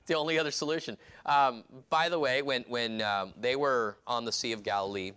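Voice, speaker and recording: A male preacher working verse by verse through a text, reading old scripture aloud and breaking into acted-out scenes. His voice is bright and ringing, with a middle-range pitch and an animated, conversational delivery. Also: normal speed, clean tone. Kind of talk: expository sermon.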